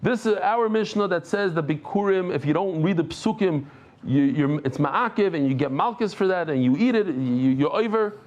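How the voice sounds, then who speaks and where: A middle-aged man giving a daily Talmud lesson to a live group, talking in quick bursts, breaking off mid-thought and bantering with listeners. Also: sits high, highs cut off. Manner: lively, jumps between thoughts, self-interrupting. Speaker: Talmud teacher.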